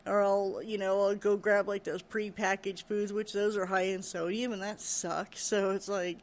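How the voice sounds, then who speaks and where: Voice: medium pitch, level tone, moderate pace, slight background noise. A middle-aged vlogger ranting casually to camera, rambling and chatty, often breaking into laughter.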